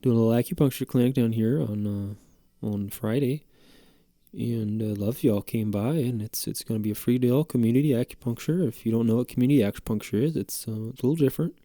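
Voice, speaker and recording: A man putting on a breathy, laid-back acupuncturist. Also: medium pitch, fast, dark tone, dry recording, studio quality, close to an everyday voice. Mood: mellow pitching. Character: laid-back male acupuncturist drumming up clients.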